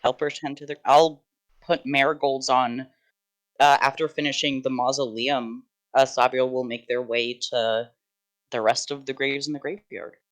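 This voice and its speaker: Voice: mid-range voice, little pitch movement, normal speed. A player in a tabletop game describes what their characters do. They quip in a dry, literal-minded way.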